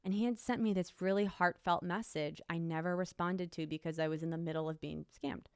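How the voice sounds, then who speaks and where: A woman's voice: fairly low pitch, fairly even intonation, a little fast, smooth, no echo, studio quality. A young woman, an interview guest, emphatically retelling a personal story and quoting what people said. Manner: emotional, emphatic retelling with quoted dialogue.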